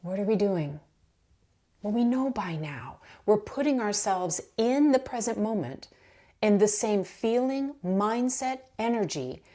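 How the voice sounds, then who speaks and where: A middle-aged woman, a manifestation coach, giving casual motivational talk to camera in a chatty, animated way, laughing as she tells stories. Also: mid-range voice, measured pace.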